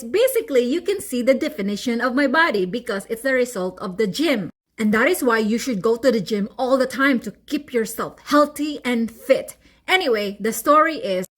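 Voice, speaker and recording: A woman from the Philippines, telling an animated storytime to her viewers. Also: fairly high pitch. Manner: animated, chatty, addresses viewers as guys. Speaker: vlogger. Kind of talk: storytime monologue.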